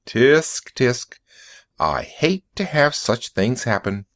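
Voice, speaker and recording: A man reading the lines of a brisk, wry male shop owner in an audiobook, explaining things in a matter-of-fact, lecturing way. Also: medium pitch, big pitch swings, dry recording.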